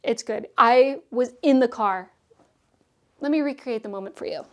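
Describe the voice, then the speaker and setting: A young woman talking casually and excitably as a book vlogger, reviewing what she read, with many asides and fillers. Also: on the high side, normal speed.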